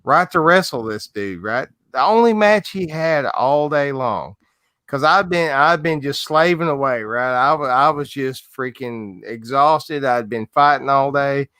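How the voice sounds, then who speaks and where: A man's voice: medium pitch, a little slow, pushed and bright, smooth, no room sound, clean studio sound. A man chatting casually as a guest, laughing, swearing and checking in with "right?" as he tells a story. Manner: laughing, profane, keeps saying right. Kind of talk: casual chat.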